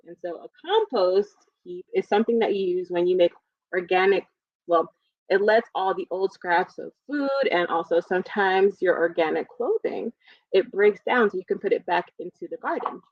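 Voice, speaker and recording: A woman librarian leading a live storytime for young children, reading aloud and explaining in a gentle, encouraging way. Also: lowish voice, normal speed, no echo, dull audio.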